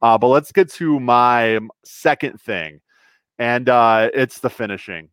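A man co-hosting a soccer podcast, recorded close on the mic in a dry space with no room echo. He speaks at a middle pitch. He talks in a halting, hesitant way. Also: fairly bright tone, smooth. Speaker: podcast co-host. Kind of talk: casual soccer chat.

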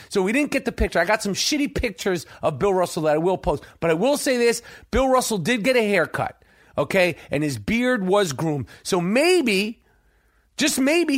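A middle-aged man hosting his podcast, telling a profane story and acting out the quotes in an animated way. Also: high-pitched. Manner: animated, heavy swearing, acts out quotes. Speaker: podcast host.

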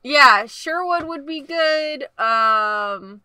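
A woman co-hosting a casual brainstorming chat, playful and quick to joke. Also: sits high, lively intonation, pushed and bright, dry recording.

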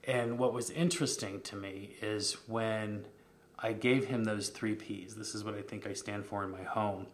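A man's voice: fairly low pitch, fairly even intonation, normal speed, echoey room. A middle-aged man candidly telling a personal story as a podcast guest, earnest and openly emotional, with frequent ums.

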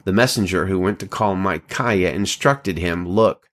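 A man reads scripture aloud at a leisurely pace, now and then slipping and correcting himself. His pitch rises whenever he voices quoted speech.

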